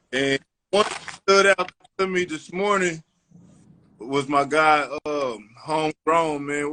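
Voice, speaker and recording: A man with a high-pitched voice hosts a live stream in casual, slangy chat. He talks loosely, greeting viewers and shouting out friends as he goes. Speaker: podcast host.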